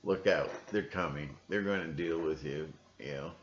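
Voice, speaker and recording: A middle-aged man rambling through a monologue, repeating himself and now and then mimicking others. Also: normal speed. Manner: meandering, repeats himself, mimics people in shrill voices. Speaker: conspiracy video host. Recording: echoey room, dull lo-fi sound.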